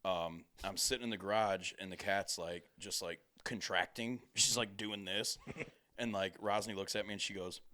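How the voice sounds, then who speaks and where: A man's voice: low-pitched, steady tone, normal speed, pushed and bright. A man hosting a podcast, telling stories in a laid-back casual chat with plenty of swearing. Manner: laid-back storytelling with profanity. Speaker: podcast host.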